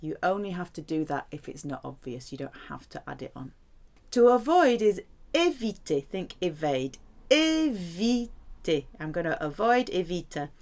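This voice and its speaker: A woman teaching a language lesson, slowly drilling phrases and humming placeholder sounds between words. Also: sits low, sing-song, vocal fry, darkish tone. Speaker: French teacher.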